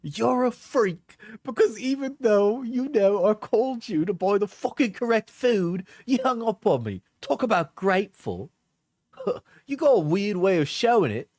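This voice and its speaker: Man doing a shrill whiny mock-Cockney woman. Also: expressive, darkish tone, no echo, clean studio sound. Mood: scornful. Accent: mock British, Cockney attempt. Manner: mocking falsetto, drawn-out whiny delivery. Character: shrill angry young woman, petty and accusing. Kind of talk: mocking read-aloud of messages.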